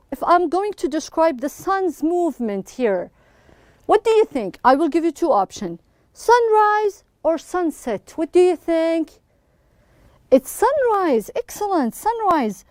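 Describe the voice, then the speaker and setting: A woman's voice: sits high, a little mellow, no echo, clean studio sound. A woman teaching an English lesson to young pupils, prompting with questions and praising answers encouragingly.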